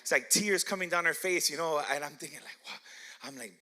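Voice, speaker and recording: A man's voice: on the high side, brisk, bright, forceful tone. A middle-aged man pastor telling playful, self-mocking stories in a sermon, laughing often and asking the crowd questions. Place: church hall.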